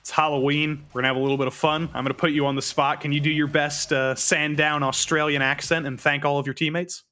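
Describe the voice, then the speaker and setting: A man's voice: a little high, little pitch movement, fast, few pauses, sharp tone. A man interviewing drivers after a race, asking questions in a playful, upbeat way. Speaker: pit reporter interviewing drivers.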